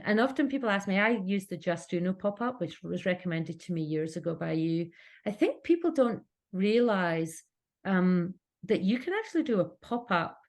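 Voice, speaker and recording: Low-voiced Scottish woman, chatty guest. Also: darkish tone. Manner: earnest, talkative, frequent restarts. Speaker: cake kit business owner, podcast guest. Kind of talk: casual interview chat.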